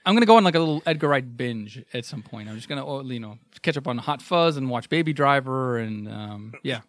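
A male podcast host with a bright, forceful voice who teases his co-host. The recording is dry, without room reverb. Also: medium pitch, animated, a little fast. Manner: teasing, joking. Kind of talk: casual chat.

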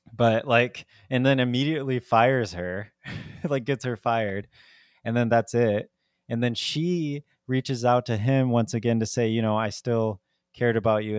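In a clean, echo-free studio recording, a man with a mid-range voice co-hosts a podcast. His movie review chat is loose and rambling, full of "like" and frequent laughter.

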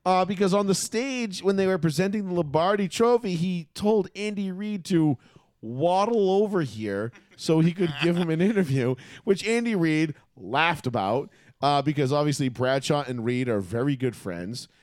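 A man's voice: on the high side, expressive, normal speed, a little mellow, no room sound. Man, casual sports podcast rant, profane, laughing, dry close sound. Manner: profane, ranting, laughs often. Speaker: podcast co-host.

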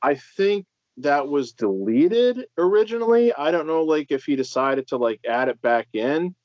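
A man's voice: on the high side, lively intonation, normal speed, darkish tone, no echo. A man co-hosting a casual podcast about films, rambling with many fillers and restarts. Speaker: podcast co-host. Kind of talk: casual film discussion. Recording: slightly dull lo-fi audio.

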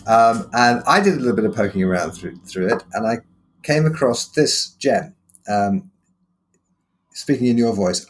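A man hosting a podcast interview, thoughtful and anecdotal, telling stories with frequent pauses and fillers. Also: medium pitch, expressive. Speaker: podcast host. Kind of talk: casual interview chat.

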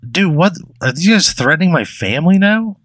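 A man's voice: sits high, very animated, brisk, a bit bright, no echo. A man playing along in an improvised comedy bit, exasperated and swearing as he talks back. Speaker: comedy podcast guest.

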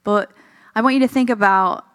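Smooth, mid-range, and at a moderate pace, a slightly tired-sounding woman preaches in an expressive, chatty way, asking the congregation questions and acting out quoted voices. The recording is dry.

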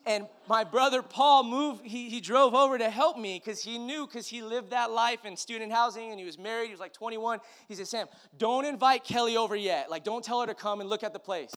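A man preaching as a pastor, telling a personal story in a conversational way that swings from hushed to emphatic. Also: extremely high pitch, fairly quick, hardly any pauses, smooth. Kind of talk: sermon storytelling.

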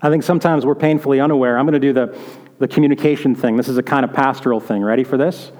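This pastor talks very fast with fairly even intonation, his medium-pitched voice carrying a darkish tone. In a reverberant hall, he delivers a conversational sermon full of stories and questions for the congregation.

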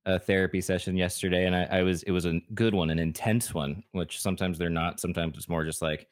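A man's voice: deep voice, level tone, fast. A man co-hosting a podcast, telling a personal story in a rambling, casual way and acting out the dialogue. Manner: rambling, acts out quoted dialogue. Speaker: podcast co-host.

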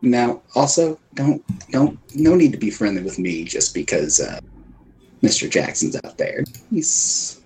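A man's voice: medium pitch, very animated, a little slow, a little mellow. A man voicing a scheming adult man who speaks in a sly, falsely friendly way.

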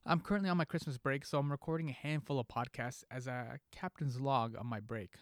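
A man's voice: mid-range voice, a little fast, no room sound. A man hosting a podcast, reading a scripted monologue in a playful, jokey way with pop-culture asides. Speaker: podcast host.

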